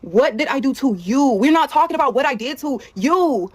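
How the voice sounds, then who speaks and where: A woman's voice: high-pitched, animated, moderate pace, darkish tone. A young woman hosting a commentary channel, bluntly and confrontationally rebutting her husband's claims, cursing often. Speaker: channel host reacting to husband's clips. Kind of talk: heated argumentative commentary.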